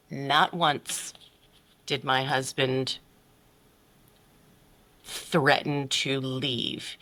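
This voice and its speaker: Podcast guest, woman, middle-aged, candid and blunt, bright forceful tone, swears, voices others. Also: low voice. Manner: blunt, swears freely, acts out quotes with big voices. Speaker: podcast guest, life coach. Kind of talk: candid personal story in conversation.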